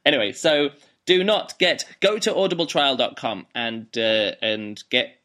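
A man of middle pitch with a forceful, bright voice chats casually on a book podcast. He rambles and restarts his sentences with animated energy. He is recorded on a laptop microphone. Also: unhurried. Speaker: podcast host.

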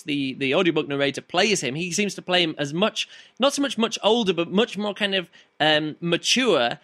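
A man's voice: fairly high pitch, pushed and bright. A man reviewing a book in a casual, rambling chat full of fillers and restarts.

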